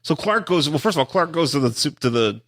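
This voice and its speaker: A man's voice: a little high, animated, quick pace, fairly bright tone. A man co-hosting a podcast, chatting casually about a comic and often restarting his sentences as he jokes. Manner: rambling, restarts phrases, joking. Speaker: podcast co-host.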